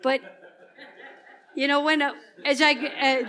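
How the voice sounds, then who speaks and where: A woman giving a passionate, emphatic sermon at church that often turns soft and earnest. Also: sits high, fairly even intonation, slow. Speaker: church speaker.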